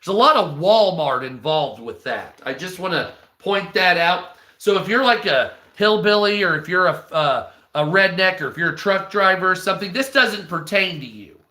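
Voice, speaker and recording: A man's voice: high-pitched, animated, moderate pace, hardly any pauses, sharp tone. A man hosting a live stream, ranting in a rambling, profane, mocking way. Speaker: live stream news host. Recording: echoey room.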